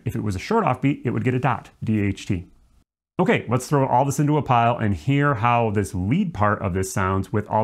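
Man explaining jazz articulation. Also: mid-range voice. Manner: demonstrates articulation by singing syllables. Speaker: music teacher. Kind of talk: instructional explanation.

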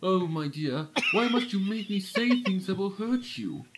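Man voicing a gentle aristocratic stallion. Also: sits high, lively intonation, unhurried, heavy background noise. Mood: earnest. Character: vain aristocratic young stallion prince. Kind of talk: fan voice acting.

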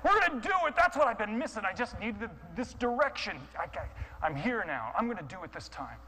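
A man's voice: high voice, lively intonation, moderate pace, sharp tone, husky, in a large hall, poor audio. Man acting out a sermon story, stammering. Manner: stammering restarts, acting out inner thoughts. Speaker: guest speaker.

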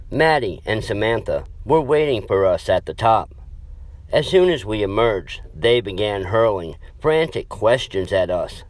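A man narrating a horror story in a dramatic, measured way. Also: lowish voice, no echo.

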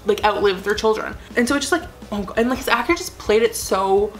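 An animated, brisk young woman with a mid-range voice chats casually as a vlogger. Emotional and earnest, she rambles and gushes with plenty of "like" fillers.

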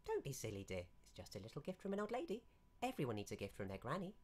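A man voicing a kindly, cryptic old woman fortune-teller who coaxes gently and calls people dearie, in a tabletop game. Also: mid-range voice, huge pitch swings, fast, voice pushed up. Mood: doting.

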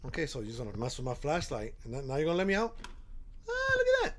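A man hosting a horror game playthrough, reacting excitably and talking to himself as he plays. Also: medium pitch, very fast, slight background noise. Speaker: gaming channel host.

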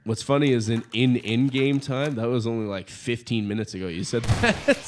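A young man chatting casually while playing a video game with a friend, animated and rambling, laughing often. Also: medium pitch, normal speed, background noise. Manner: animated, laughs a lot, rambling with many fillers. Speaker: let's play co-commentator. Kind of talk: casual gaming chat.

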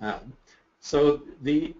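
A man answering questions as a guest expert in a webinar, explaining in a measured way with a touch of self-deprecating humor. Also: on the high side, a little mellow. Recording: muffled webinar audio.

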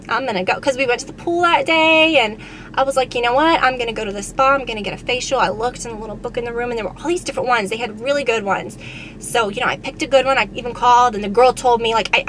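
A woman's voice: fairly high pitch, a bit bright, a little hiss or hum. Chatty young woman in a car. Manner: chatty storytelling with many fillers. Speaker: beauty vlogger. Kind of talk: casual chat while driving.

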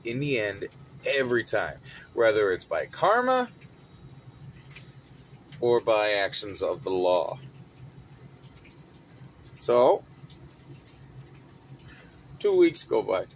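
A man telling a story from his retail job in an animated, dramatic way. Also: fairly low pitch, slow pace, pauses often, a little hiss or hum. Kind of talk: casual storytelling vlog.

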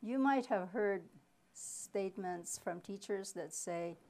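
A woman presenting a reading workshop, explaining slowly with pauses and asking questions, then answering them herself. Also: medium pitch, dark tone. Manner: slow, deliberate explaining with pauses. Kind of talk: live teaching workshop.

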